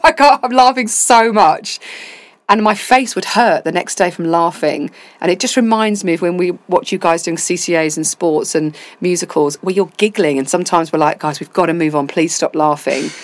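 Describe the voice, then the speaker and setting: Woman guest, low register, dry close sound, chatty storyteller acting out quotes. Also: no room sound. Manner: animated storytelling with quoted asides. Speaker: deputy head of school, interview guest. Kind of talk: casual interview chat.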